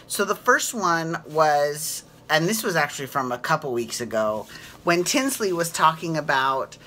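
A woman's voice: low-pitched, expressive, unhurried, sharp tone, slight background noise. A woman hosting a casual recap chat, gushing and giggling, often repeating herself. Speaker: podcast host.

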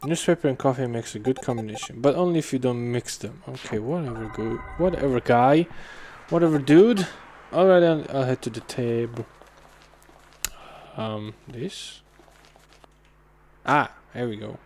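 A man's voice: medium pitch, normal speed, darkish tone, a little hiss or hum. A man giving wry let's-play commentary, muttering and swearing casually. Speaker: game commentator. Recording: faint game music behind.

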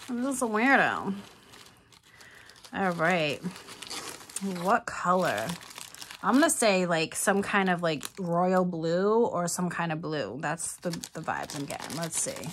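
A woman vlogger in casual unboxing chat at home, excitable and giggly, teasing herself and reading a card aloud. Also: on the low side, unhurried, slight background noise.

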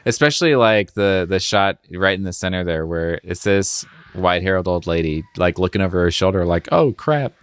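Deep-voiced guy rambling on a podcast, lots of restarts, amused, dry sound. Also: brisk, hardly any pauses, clean tone, no echo. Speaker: podcast co-host. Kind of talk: casual comic chat.

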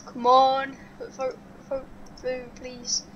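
A woman with a fairly high voice talks through her game as she plays it, thinking aloud and urging herself on. Steady background noise hums under the recording. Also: slow pace, lo-fi sound. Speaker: gaming video host. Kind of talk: live gameplay commentary.

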